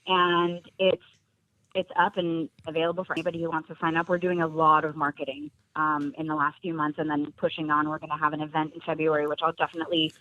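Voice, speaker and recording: A woman's voice: low-pitched, level tone, fast talker, pushed and bright, highs cut off. A woman actress guest in a casual podcast chat, bubbly and laughing often as she acts out what people say to her.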